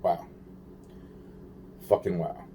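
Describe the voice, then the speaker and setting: A man's voice: extremely slow, dark tone, slight background noise. A man rambling to camera in a profane, agitated monologue, repeating himself and trailing off.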